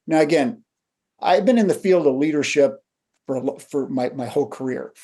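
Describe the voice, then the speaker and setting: Older guy coaching on leadership, acts out the quotes in his stories, kinda husky. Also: fairly high pitch, normal speed. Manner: animated storyteller who acts out quotes. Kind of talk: conversational storytelling.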